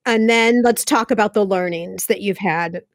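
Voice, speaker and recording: A woman's voice: medium pitch, normal speed, no echo. A woman hosts a podcast interview in a medium voice. She encourages her guest and answers with short affirmations. Her voice sounds dry and close. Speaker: podcast host.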